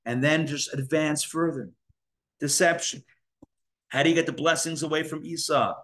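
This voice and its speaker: A man's voice: a little high, steady tone, normal speed, fairly bright tone. A man, a rabbi, giving a live Torah class and acting out inner dialogues in shifting voices.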